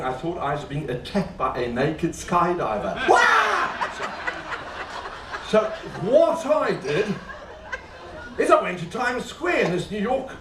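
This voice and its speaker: Joking stage magician in a roomy hall. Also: male voice, fairly high pitch, background noise. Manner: joking, chatty, teasing the audience. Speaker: comedy magician. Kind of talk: live stage comedy magic show. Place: cruise ship show lounge. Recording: roomy, distant live stage recording with faint audience ambience.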